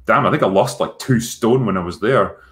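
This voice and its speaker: A Scottish man hosting a casual livestream Q&A as a film critic, relaxed and rambling with frequent ums and casual swearing. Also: fairly low pitch, a little fast. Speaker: YouTube film critic and host.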